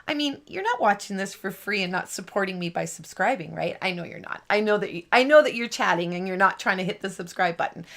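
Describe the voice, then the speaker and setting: A woman's voice: fairly high pitch, a bit bright. Bubbly, rambling live-stream host woman. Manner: bubbly, rambling, laughs often. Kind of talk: chatty live-stream banter.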